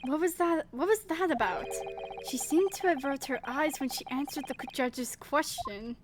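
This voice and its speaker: A woman's voice: high-pitched, normal speed, noisy background, close to an everyday voice. A woman voicing an earnest young male defense lawyer as she reads game dialogue aloud.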